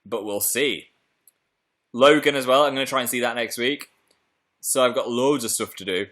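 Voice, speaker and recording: Young man, British accent, bright voice, playful live stream chat, reads viewer comments. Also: mid-range voice, brisk, pauses often. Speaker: livestream host.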